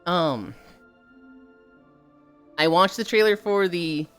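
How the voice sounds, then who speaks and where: A young woman streaming while she walks on a treadmill, telling a story in a casual, animated way with swearing, sounding a little tired. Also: fairly low pitch, slow, clear, resonant tone, faint music behind. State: slightly tired from walking.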